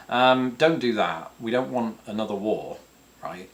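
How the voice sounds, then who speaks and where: A man's voice: lowish voice, animated, a little slow, sharp tone. A man in his thirties with a British accent, hosting a casual question-and-answer video and answering viewers with dry, self-mocking humour and puns. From England. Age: 30s. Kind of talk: casual chat to camera.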